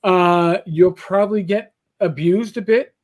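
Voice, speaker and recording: A man's voice: high voice, unhurried. A man with a New York accent hosting a casual livestream chat, talking bluntly and profanely, rambling with restarts. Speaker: podcast host.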